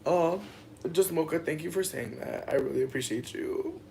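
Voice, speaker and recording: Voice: medium pitch, moderate pace, creaky, a little hiss or hum. A young adult content creator chatting loosely on a livestream, telling a rambling, profane story full of fillers and stopping to answer viewer comments. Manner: animated, jumps between story and viewer comments. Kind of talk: casual livestream chat.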